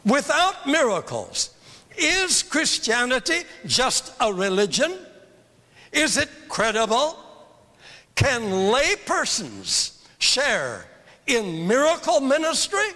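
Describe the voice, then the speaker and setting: Older male preacher for a teaching sermon: high, lively voice, slow and fervent, with a long hall echo. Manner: emphatic, fervent, repeats phrases for emphasis. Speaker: evangelist teaching a seminar. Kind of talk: sermon-style seminar teaching. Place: church hall. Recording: long reverb of a large hall.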